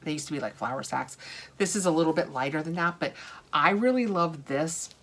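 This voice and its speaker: A woman's voice: low-pitched, expressive, fairly quick. A woman in her thirties chatting through an unboxing, gushing and laughing, sometimes dropping to a whisper. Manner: chatty, gushing, laughs often, drops to whispers while sniffing. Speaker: unboxing vlogger. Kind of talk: casual unboxing chat.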